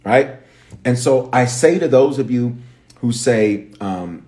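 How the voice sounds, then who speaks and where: Man, bishop, Memphis accent, livestream sermon, swooping lively pitch, animated storyteller. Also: takes it slowly. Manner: animated storytelling, acting out characters. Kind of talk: livestreamed Bible teaching.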